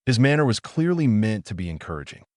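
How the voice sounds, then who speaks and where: A man reading a horror audiobook in a measured, somber storytelling manner. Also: fairly low pitch, sing-song, no echo, clean studio sound. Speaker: narrator. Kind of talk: scripted horror audiobook narration.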